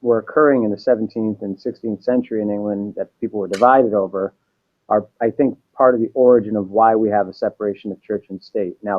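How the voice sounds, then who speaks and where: A man from Massachusetts answering interview questions in a measured, explanatory way. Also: lowish voice. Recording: dull, lo-fi sound.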